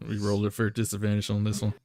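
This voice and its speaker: A man's voice: fairly low pitch, completely flat delivery, racing, mellow, no echo. A man playing a tabletop game live, narrating in a rambling way full of fillers.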